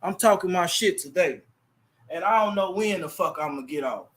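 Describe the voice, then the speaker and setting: Animated man, slightly high voice. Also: normal speed, breathy edge. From Chicago. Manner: animated, preachy, repeats phrases and fillers. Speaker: livestream host. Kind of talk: casual livestream commentary. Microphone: laptop.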